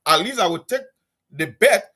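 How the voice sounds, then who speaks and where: A man argues politics on a talk show. His voice sits a little high for a man. He reasons his case step by step in an argumentative way. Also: animated, normal speed, pushed and bright, breathy edge. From Liberia. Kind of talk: political debate.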